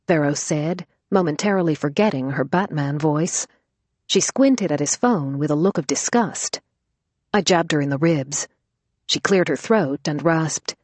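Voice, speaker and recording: A woman narrating an audiobook thriller in a brisk, lively storytelling manner. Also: deep voice, no echo.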